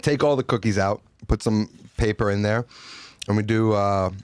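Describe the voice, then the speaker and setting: A food creator on a podcast, chatting with enthusiasm and trailing off. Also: male voice, lowish voice, fairly even intonation, normal speed, smooth, no room sound. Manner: enthusiastic, rambling with fillers. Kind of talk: casual chat.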